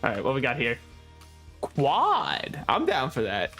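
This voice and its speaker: A young man streams a game with casual commentary, joking, sarcastic, laughing often and swearing freely. His mid-range voice is a bit bright, unhurried, with huge pitch swings. Faint game music plays behind him.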